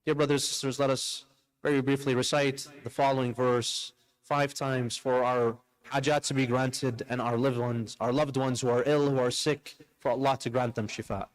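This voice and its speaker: A man leading a congregation in prayers, alternating between spoken invitations and chanted verses in a measured, devotional manner. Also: medium pitch, little pitch movement, smooth, rough recording. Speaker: prayer leader.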